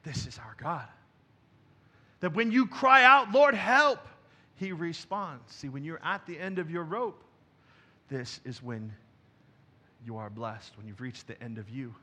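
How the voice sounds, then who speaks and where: Bright-voiced man preaching a sermon. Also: mid-range voice, a little slow, husky. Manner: swings from quiet to loud emphatic preaching. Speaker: pastor. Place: church stage.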